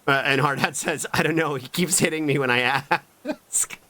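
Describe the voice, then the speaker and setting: A man's voice: fairly high pitch, normal speed, sharp tone. A man streaming a video game, joking around crudely and swearing as he plays. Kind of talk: casual gameplay commentary. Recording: game music behind the voice. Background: game music.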